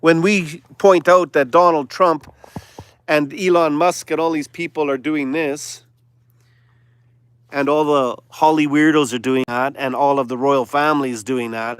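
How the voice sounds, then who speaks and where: A man hosting a live stream, delivering a sarcastic, preachy monologue that now and then drops to a hushed whisper. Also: on the high side, steady tone, measured pace, clean tone, no echo. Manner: sarcastic, mocking asides; preachy, sermon-like exhortation.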